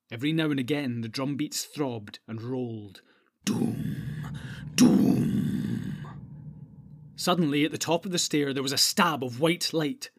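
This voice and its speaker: A man narrates a fantasy audiobook, telling the story in a steady, measured way. His voice is husky and sits at a medium pitch.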